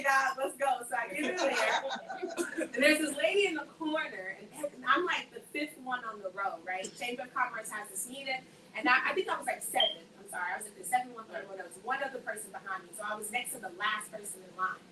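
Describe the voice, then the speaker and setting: With energy and a quick pace, a woman tells her faith testimony to a group, voicing the people in her story. Her voice is on the high side and comes from a distance in an echoey room, with faint background noise.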